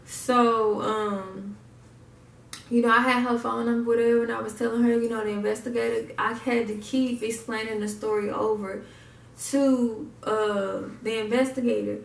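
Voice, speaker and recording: A woman's voice: on the high side, moderate pace, vocal fry, recorded from a distance. A young woman telling a personal story, acting out what people said. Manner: animated retelling, acts out quotes. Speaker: vlogger. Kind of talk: casual storytime. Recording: echoey room, mic set back.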